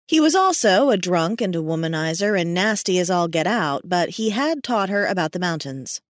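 With a mid-range voice, a woman delivers audiobook narration in a steady, deliberate storytelling manner. It's a studio-quality recording free of room sound.

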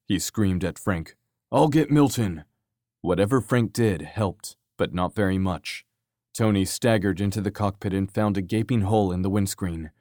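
A man narrating an action story from a script in a steady, measured way. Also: deep voice, no echo, clean studio sound. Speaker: audiobook narrator.

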